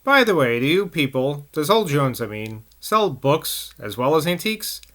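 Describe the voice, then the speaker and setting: A man voicing an earnest young man who speaks politely and haltingly, in a novel reading. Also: a little high, sing-song, a bit bright.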